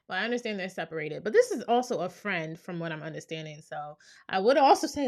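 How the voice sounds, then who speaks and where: A woman's voice: fairly low pitch, lively intonation, brisk, few pauses, darkish tone. A woman therapist giving reaction commentary, explaining things step by step and often checking in with "right?". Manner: reflective, explains step by step, many "right?" asides.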